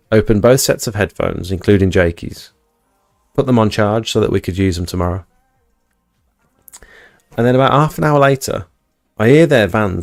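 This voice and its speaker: A man's voice: lowish voice, vocal fry, darkish tone. A man, hosting a livestream and telling a rambling, chatty story to his viewers at home. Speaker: livestream host. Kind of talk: casual storytelling to a live chat. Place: indoors at home.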